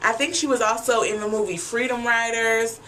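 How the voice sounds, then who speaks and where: A woman's voice: a little high, fairly even intonation, normal speed, bright, forceful tone, slight background noise. Chatty, profane woman vlogger. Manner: chatty, blunt, freely profane, addresses viewers as y'all. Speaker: TV episode recapper. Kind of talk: casual recap vlog.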